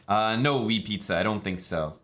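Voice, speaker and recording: A man from Canada, streaming chess in a relaxed, chatty way with many fillers. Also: lowish voice, moderate pace. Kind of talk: casual live-stream commentary.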